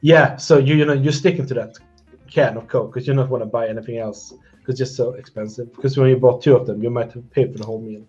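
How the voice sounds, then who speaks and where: A man's voice: mid-range voice, steady tone, fast talker, darkish tone, breathy edge, soft background music. A man from Sweden chatting casually as co-host, rambling and trailing off mid-sentence. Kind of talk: casual chat. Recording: dull lo-fi audio.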